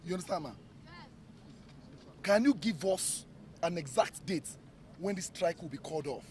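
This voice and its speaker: A man's voice: sits high, animated, moderate pace, a little mellow, a little hiss or hum. A man with a Nigerian accent leading a student protest, pressing an official with repeated, emphatic demands outdoors. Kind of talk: heated protest confrontation. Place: outdoors at a ministry among a crowd.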